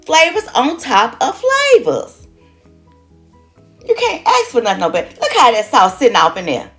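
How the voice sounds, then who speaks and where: A woman's voice: sits high, huge pitch swings, normal speed, fairly bright tone, soft background music. An older woman hosting a cooking demonstration, exuberant and folksy, talking straight to her viewers. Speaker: cooking show host.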